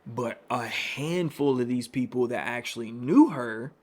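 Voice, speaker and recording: A man in early adulthood recounts his own experience as host of a personal podcast. He talks in a loose, candid way, full of fillers and asides. His voice sits at a middling pitch. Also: measured pace, darkish tone. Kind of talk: personal storytelling monologue.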